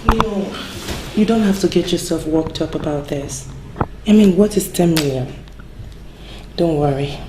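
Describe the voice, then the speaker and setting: An actress with a Nigerian accent playing a wealthy young woman who calmly reassures the king in a film. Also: lowish voice, a little slow, long pauses, noisy background, close to an everyday voice. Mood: soothing. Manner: soothing, reassuring. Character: wealthy young woman, the king's caring lover. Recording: echoey room with music behind.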